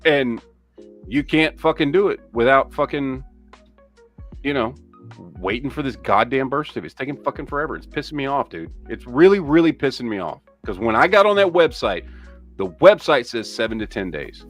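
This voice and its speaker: A man's voice: medium pitch, sing-song, brisk, faint music behind. A man hosting a casual live-stream podcast, ranting and swearing in an exasperated way while he reads viewer comments. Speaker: podcast host.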